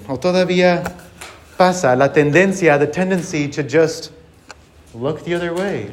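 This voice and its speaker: A pastor giving a sermon to a church congregation, switching line by line between English and Spanish, with wry sarcasm. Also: sits high. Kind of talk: bilingual sermon, preaching in English and translating himself into Spanish.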